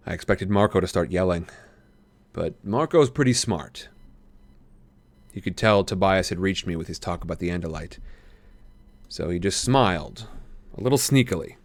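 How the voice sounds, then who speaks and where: A man's voice: low voice, expressive, moderate pace, pauses often, no room sound. Man reading a novel aloud on a stream. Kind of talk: live-stream read-aloud narration.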